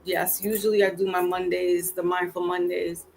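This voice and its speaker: A woman's voice: lowish voice, level tone, normal speed, gravelly, low-quality recording. A woman hosting a casual live chat, with a New York accent and a laid-back, trailing way of talking. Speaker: host.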